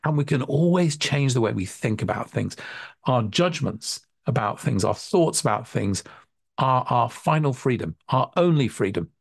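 Earnest man with a gravelly voice. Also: mid-range voice, lively intonation, normal speed, no room sound, studio quality. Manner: earnest, thinks aloud with frequent restarts. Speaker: hypnotherapy college tutor. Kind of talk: reflective webinar talk.

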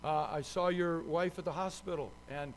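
A man with a fairly high voice delivers a sermon as a pastor. He preaches with emphasis, hammering key words and repeating phrases. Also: moderate pace.

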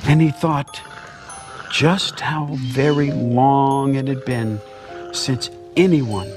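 A man's voice: mid-range voice, slow pace. An older man giving a theatrical, playful reading of a children's story, with music behind. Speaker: guest storybook reader.

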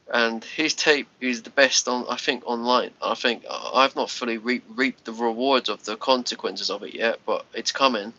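A man chatting to viewers on his live stream, tired, rambling and halting with many restarts. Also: mid-range voice, sharp tone. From United Kingdom. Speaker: livestream host. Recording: lo-fi muffled livestream audio.

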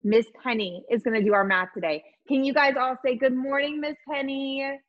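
A woman teaching a virtual lesson to young children, encouraging and sing-song, sounding out letters slowly. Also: sits high, highs cut off. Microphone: video call.

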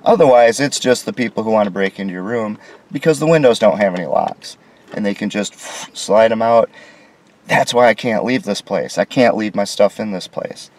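American man, deep-ish voice, griping sarcastically while filming a hotel room. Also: normal speed, a little mellow, dry recording. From United States. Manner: sarcastic, indignant complaints. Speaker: vlogger reviewing a hotel room. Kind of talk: casual walkthrough narration.

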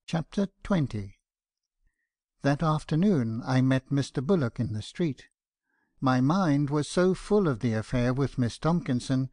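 A man's voice: medium pitch, a little mellow, no echo. Man narrating an audiobook, dry and close. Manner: measured, earnest storytelling. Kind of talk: first-person audiobook narration.

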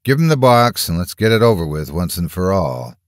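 A stern, bossy older farm woman who barks out orders, as a deep-voiced man puts her on. It is a storybook reading on a dry, close mic, with a low voice that stays commanding. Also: sing-song, brisk, no room sound. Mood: stern, impatient.

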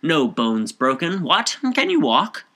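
A man doing a hearty, breezy gentleman. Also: fairly high pitch, wildly swooping pitch, slow pace, pitched above the performer's own voice, exaggerated voice. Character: brisk, cheerful well-to-do Dublin gentleman. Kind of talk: audiobook character voice.

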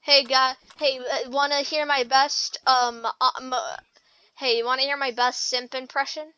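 A woman's voice: sits high, flat delivery, unhurried, sharp tone, clear, resonant tone, no echo, dull audio. A woman hosting a let's-play, rambling, joking and repeating herself as she plays. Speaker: gaming channel host.

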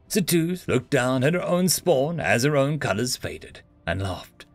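A man narrating a science-fiction story in an expressive reading style. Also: on the high side, measured pace, few pauses, dry recording, faint music behind.

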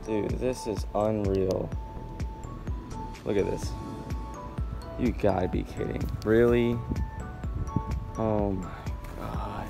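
A man with a somewhat low voice talks loosely and eagerly to his camera as he works on his truck outdoors. He chats in a relaxed DIY vlog manner, slips in "dude" and "bro" now and then, and clear background music plays under him. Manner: excitable, casual, says "dude" and "bro" often. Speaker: DIY car vlogger. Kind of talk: casual DIY vlog talk.

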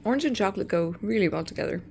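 A woman's voice: mid-range voice, animated, rapid-fire, darkish tone, slight background noise. Middle-aged mother reading snack labels. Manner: short replies, reads out snack labels. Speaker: vlogger's mother, behind the camera.

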